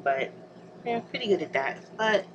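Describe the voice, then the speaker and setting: A woman's voice: medium pitch, expressive, moderate pace, muffled recording. A young adult woman vlogging casually while she gets ready at home, rambling and laughing often. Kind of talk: casual chat to camera. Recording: noticeable background hiss.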